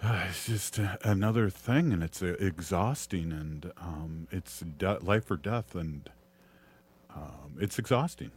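Host, male, low voice, Minnesotan accent, hesitant and reflective. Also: breathy edge. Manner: halting, with many pauses and fillers. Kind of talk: reflective podcast conversation.

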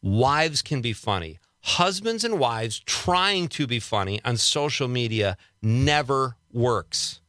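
Joking, bright-voiced radio host man. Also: medium pitch, animated, takes it slowly, few pauses, no echo, clean studio sound. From Wisconsin. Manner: chatty, joking, laughs often. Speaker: radio talk show host. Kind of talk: casual radio talk.

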